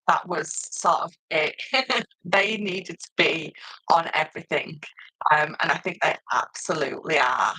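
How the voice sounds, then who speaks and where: A middle-aged woman, chatting loudly and laughing often as she presents paper crafts on a live stream. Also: on the low side, normal speed, slightly rough, dry recording, low-quality recording. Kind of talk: casual live stream chat.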